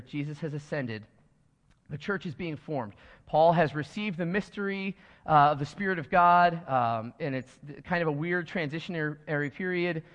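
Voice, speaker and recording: Pastor, male, slightly high voice, earnest emphatic sermon delivery, muffled recording in a big echoey hall. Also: fairly bright tone. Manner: earnest, builds to emphatic preaching with fillers. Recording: dull sound in a long reverberant hall.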